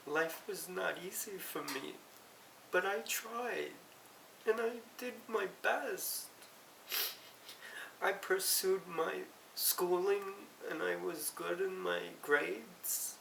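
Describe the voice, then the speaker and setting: A middle-aged woman giving a halting, emotional personal confession, close to tears and often correcting herself. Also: on the low side, gravelly, a bit bright. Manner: halting, tearful, self-correcting. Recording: roomy, distant mic, faint hiss.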